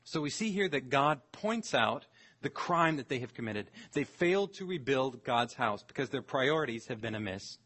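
A man, a pastor, preaching an earnest expository sermon, slowing down to stress scripture phrases. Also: mid-range voice, lively intonation, a bit bright.

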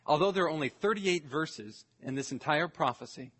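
Man, pastor, sermon, earnest, deliberate, slightly raised pitch, breathy husky tone. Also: animated, fairly bright tone. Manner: earnest, deliberate, slows to stress scripture phrases. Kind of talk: expository sermon.

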